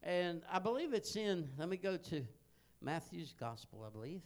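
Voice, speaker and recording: Preacher, sixties, male, high voice; folksy sermon storyteller who builds to excited shouting. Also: moderate pace. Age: 60s.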